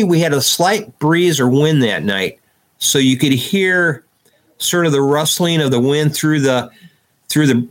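Man telling a vivid field story. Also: mid-range voice. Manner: animated, acts out quoted dialogue; detailed, recounting step by step with restarts. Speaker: podcast guest. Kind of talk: conversational storytelling.

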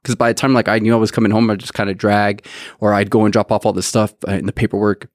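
A man's voice: lowish voice, little pitch movement, quick pace, dry recording, clean studio sound. A young man hosting a faith podcast, telling a personal story in a casual, chatty way and often saying "dude". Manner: storytelling, peppers talk with "dude". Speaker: podcast host.

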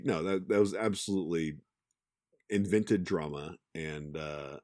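Deep-voiced man in casual podcast chat. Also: a little mellow, dry recording, studio quality. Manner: halting, repeats words, reads listener comments. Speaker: podcast co-host.

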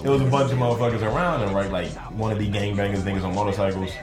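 Rattling along rapid-fire in a lowish voice, a male podcast co-host tells crude stories and acts out the people in them with lots of impressions. The casual, explicit banter has a roomy sound over music.

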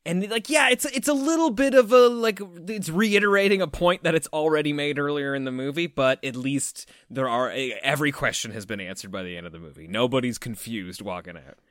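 A man's voice: on the high side, fairly quick, hardly any pauses, a bit bright, no room sound, studio quality. A man co-hosting a podcast, talking casually and rambling about a film with fillers and frequent laughter. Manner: swearing, jokey. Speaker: podcast co-host.

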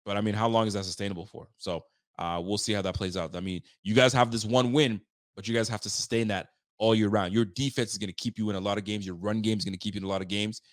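Fired-up low-voiced man. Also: fairly even intonation, quick pace, no room sound, clean studio sound. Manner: casual, heated, slangy. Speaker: sports fan show host. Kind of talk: postgame livestream reaction, reading viewer chats.

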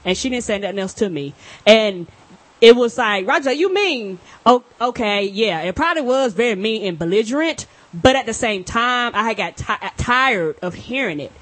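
A woman's voice: medium pitch, expressive, normal speed, fairly bright tone. A woman co-hosting a casual podcast chat, telling stories bluntly and matter-of-factly. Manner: blunt, matter-of-fact storyteller. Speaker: podcast co-host.

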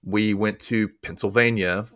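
In an unhurried, lowish voice with a clean tone, a podcast host does a laid-back recap chat, getting animated as he acts out lines from scenes. It's a dry, studio-quality recording.

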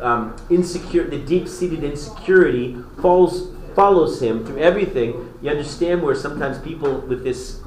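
A man teaching a lively, conversational storytelling class who quizzes his listeners as he goes. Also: mid-range voice, echoey room, low-quality recording. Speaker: Torah teacher.

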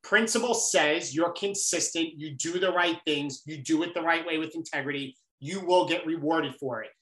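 A man with a New York accent, a guest author giving energetic, emphatic motivational talk in an interview. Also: a little high, moderate pace, reverberant, poor audio.

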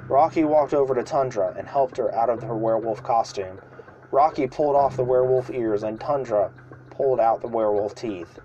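A man's voice: medium pitch, low-quality recording. A man reading a children's story aloud for a podcast, in an unpolished home style with small restarts. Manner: unpolished home reading with restarts and loud shouted cries for characters.

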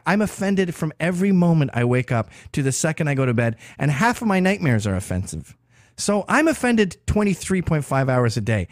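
A man hosts his own podcast in a brash, crude monologue full of sarcasm. His fairly high voice swings widely in pitch as he rants. The recording is dry and close, with no room sound. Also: dry recording. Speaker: podcast host. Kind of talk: opinionated monologue.

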